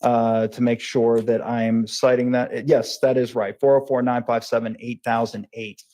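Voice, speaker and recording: Fast-talking man giving courtroom testimony. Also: mid-range voice, little pitch movement, warm tone. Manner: rambling, fast, self-correcting with fillers. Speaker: police investigator testifying as witness.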